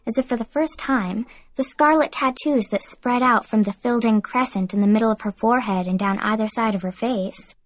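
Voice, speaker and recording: A woman reads a first-person young adult novel aloud in a lively teen-girl voice. Her pitch sits on the high side. The recording is dry and close, with no room sound. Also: no room sound. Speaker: audiobook narrator. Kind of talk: first-person audiobook narration.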